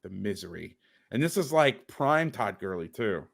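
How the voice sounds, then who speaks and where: A man's voice: on the low side, expressive, normal speed, gravelly. A man hosting as a football coach, breaking down game film on a video call with sarcastic, exasperated commentary.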